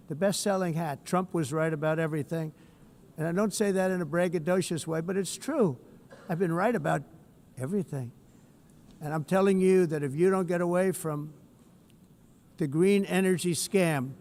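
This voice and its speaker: A man delivers a head-of-state address with a combative, boastful edge, his voice pitched a little high for a man. He keeps breaking away from the script into rambling asides and hammers his points home by repeating them. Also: darkish tone. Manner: digressive, slips from script into off-the-cuff remarks. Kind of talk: formal political speech with ad-libbed asides.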